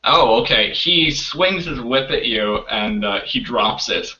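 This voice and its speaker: A man narrating as game master in loose, halting speech full of fillers, over a video call. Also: mid-range voice, lively intonation, noisy background. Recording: distant, dull lo-fi call audio.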